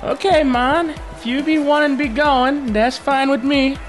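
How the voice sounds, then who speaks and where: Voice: sits high, fairly even intonation, moderate pace, faint music behind, lightly acted. A performer voicing a laid-back male island gambler who talks in thick slang. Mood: easygoing. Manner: drawling slang, easygoing.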